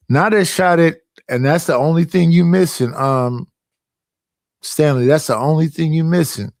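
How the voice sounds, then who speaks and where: A man's voice: mid-range voice, moderate pace, a little mellow, dry recording. A man hosting a casual livestream, talking in a slangy, profane and emphatic way as he calls people up and rants. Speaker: livestream host.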